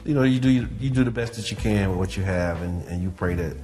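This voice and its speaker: Low-pitched male host, casual and reflective. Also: a little fast, soft background music. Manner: relaxed, reflective, many fillers. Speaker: podcast host. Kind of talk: casual interview talk.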